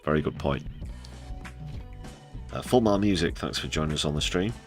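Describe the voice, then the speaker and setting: British male livestream host, very low voice, sardonic delivery, faint music underneath. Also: expressive, normal speed. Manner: dry and sarcastic, with mock emotion. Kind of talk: casual live news commentary.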